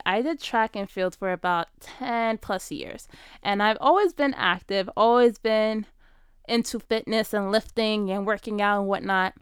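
A young woman vlogger telling a personal story in a casual, animated way, often saying "like". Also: a little high, clear, resonant tone, no echo, studio quality. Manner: animated, acts out quoted dialogue, frequent "like".

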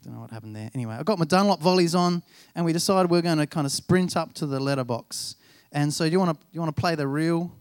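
Male pastor, 30s, high voice, close and dry, self-deprecating storyteller. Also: fast, hardly any pauses, no echo. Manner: chatty, self-deprecating, acts out dialogue. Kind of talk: sermon with personal storytelling.

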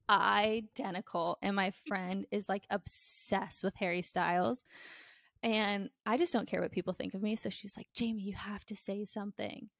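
A woman's voice: medium pitch, gravelly, no echo, studio quality. A young woman hosting a podcast, talking in a candid, blunt way with lots of fillers. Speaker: podcast host. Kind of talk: casual chat.

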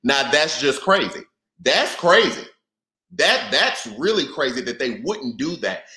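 A man hosting a live political podcast, reading and reacting to viewers in a lively, direct way. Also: medium pitch, unhurried, reverberant, rough recording. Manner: animated, talks straight to viewers. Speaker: podcast host. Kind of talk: live-stream political commentary.

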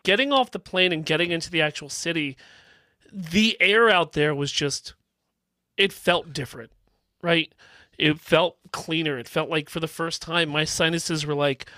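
Man on a podcast, high bright voice, lively swings, dry close sound. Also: moderate pace, no room sound. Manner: rambling, animated, with crude jokes. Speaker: podcast co-host. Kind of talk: casual chat.

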